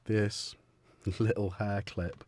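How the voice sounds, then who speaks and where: A man's voice: on the low side, flat delivery, slow, darkish tone, slight background noise. A man hosting a live stream, chatting in a rambling, jokey way that keeps interrupting itself. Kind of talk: casual live-stream chat.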